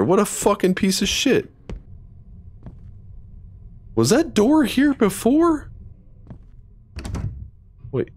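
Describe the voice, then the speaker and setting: A streamer talks through a horror game live, with lots of cursing and startled outbursts. The voice swings widely up and down while the delivery stays slow and drawn out. It sounds like a close desk microphone. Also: mid-range voice, very animated, darkish tone. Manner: swearing, jumpy reactions, thinking aloud. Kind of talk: live gameplay commentary.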